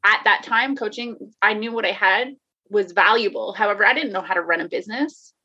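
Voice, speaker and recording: A woman's voice: mid-range voice, fairly quick, bright, forceful tone, breathy edge. A woman talking candidly in a casual conversation, laughing often, swearing and restarting her sentences. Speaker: guest, life coach. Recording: dull lo-fi sound.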